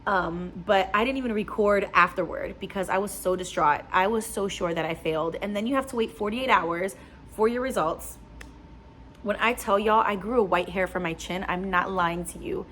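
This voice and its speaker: A woman's voice: medium pitch, moderate pace, fairly bright tone, a little hiss or hum. Chatty young woman vlogging casually. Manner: chatty, lots of "like" fillers. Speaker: new nurse vlogger. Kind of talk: casual personal vlog.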